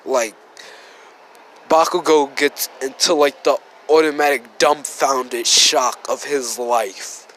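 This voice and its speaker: A man's voice: mid-range voice, steady tone, slow, a bit bright, poor audio. A man with a sick voice casually narrating a fan story, rambling and correcting himself. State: sick, rough voice. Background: faint background noise.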